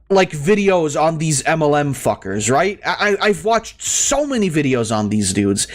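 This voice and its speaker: A man ranting heatedly in casual talk while playing a game, swearing often and stumbling over his words. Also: high voice. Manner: exasperated, heated, heavy swearing; stammering restarts. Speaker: gaming streamer.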